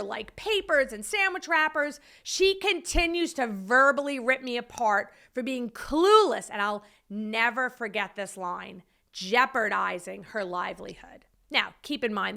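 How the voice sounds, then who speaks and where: A middle-aged woman hosting a podcast, telling a personal story in a lively, animated way, laughing now and then and acting out quotes with big jumps in pitch. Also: creaky. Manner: laughs while telling, many "like" and "you know". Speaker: podcast host.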